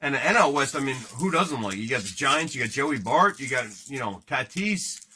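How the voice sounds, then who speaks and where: A man's voice: mid-range voice, very animated, brisk, pushed and bright. A man hosting a casual live card break, joking and rambling as he chats with viewers while opening packs. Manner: joking, rambling, banters with chat.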